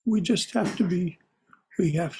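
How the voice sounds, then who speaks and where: A man leading a discussion class, speaking in a slow, thoughtful and hesitant way. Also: high voice, dark tone, husky. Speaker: class teacher.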